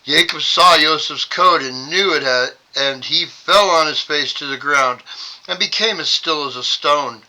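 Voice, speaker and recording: A man's voice: fairly high pitch, measured pace, bright, forceful tone, rough recording. A man hosting a Bible study, reading scripture aloud and dropping wry, sarcastic side comments.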